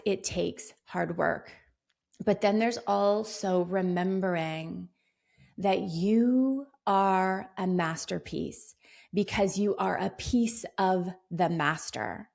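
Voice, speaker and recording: A woman's voice: fairly low pitch, creaky. A woman podcast host and business coach telling personal stories in a motivational solo monologue, acting out the lines of people in them. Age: 30s. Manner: warm storytelling, motivational, acts out quoted dialogue.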